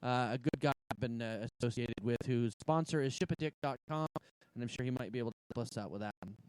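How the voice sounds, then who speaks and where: A man from Vermont hosting a casual podcast chat, talking quickly and excitably and laughing often. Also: mid-range voice, a little hiss or hum, low-quality recording. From Vermont, USA. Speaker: podcast host.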